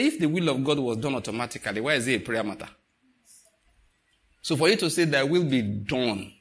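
A man's voice: medium pitch, a bit bright, breathy edge. A man with a Nigerian accent preaching a sermon to a congregation, telling stories with chuckles and asking the listeners to answer. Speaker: pastor.

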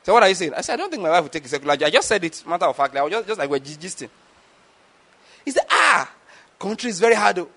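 A man's voice: a little high, big pitch swings, racing, a bit bright, slightly rough. A man preaching a sermon, often asking his listeners if they follow him. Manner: asks the audience rhetorical questions and checks understanding. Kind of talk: sermon teaching.

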